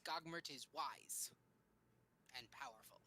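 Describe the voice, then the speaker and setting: A woman narrating as game master of a tabletop game, calm and dry, with hesitant fillers. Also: sits low, takes it slowly, a little hiss or hum.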